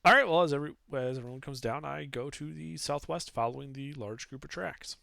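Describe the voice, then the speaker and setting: A man's voice: medium pitch, a little fast, creaky, sharp tone, no room sound, studio quality. A man playing a tabletop game, stating his character's actions with wry humor. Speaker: player. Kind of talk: casual tabletop play.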